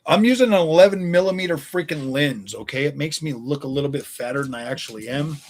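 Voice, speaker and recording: A man's voice: a little high, fast talker, few pauses. A man in his forties chatting on a live stream, answering viewers in a blunt, combative, profane way. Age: 40s.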